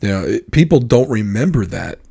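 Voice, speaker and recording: A man's voice: lowish voice, fairly quick, creaky, slightly rough. An American man co-hosting a podcast, chatting casually and acting out other people's reactions as he tells stories. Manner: animated storyteller, acts out others' reactions. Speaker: podcast co-host. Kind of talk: casual chat.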